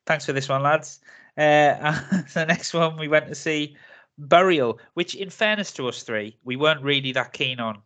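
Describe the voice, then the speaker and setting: A man's voice: fairly high pitch, moderate pace, fairly bright tone. A man hosting a casual film review chat, talking freely, ranting and laughing often. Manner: chatty, laughs often, rants with mock accents. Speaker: film review podcast host.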